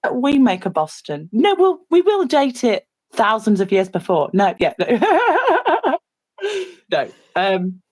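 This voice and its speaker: An Englishwoman chats casually on a livestream. Her pitch moves a lot. She rambles, stops herself mid-thought and apologizes as she goes. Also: huge pitch swings, unhurried, darkish tone, no room sound, poor audio. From England. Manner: rambling, self-interrupting, apologetic. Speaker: co-host.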